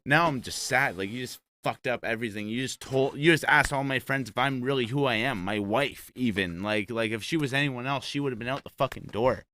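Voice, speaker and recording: A man, telling a long story on a podcast in a casual, profane, animated way, acting out what others said. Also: mid-range voice, slight background noise. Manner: profane, animated, quick retelling with acted quotes.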